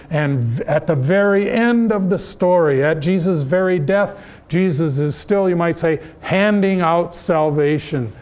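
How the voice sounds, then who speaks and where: A middle-aged man teaching an adult Bible class, speaking deliberately and asking the class questions. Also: fairly high pitch, a little mellow.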